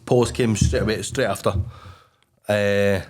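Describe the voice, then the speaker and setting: A young Scottish man, a podcast guest, telling a wild story in a blunt, sweary, animated way. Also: fairly low pitch, a little slow. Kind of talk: casual storytelling.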